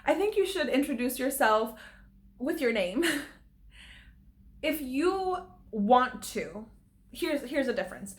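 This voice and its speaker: A young woman and actress talking to camera in a casual vlog, earnest and a little worked up, breaking into laughs. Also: a little high. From California. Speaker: actress and acting vlogger.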